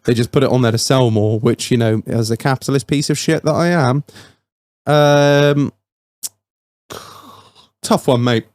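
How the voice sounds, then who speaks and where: A man's voice: medium pitch, steady tone, unhurried, pauses often, a little mellow, dry recording. Rambling sweary man, dry close mic. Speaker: podcast host. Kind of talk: casual chat reviewing beer.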